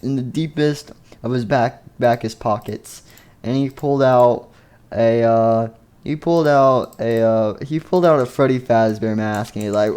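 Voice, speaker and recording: A man's voice: medium pitch, a little slow, darkish tone, clean tone. A man casually narrating a game machinima, rambling with many restarts.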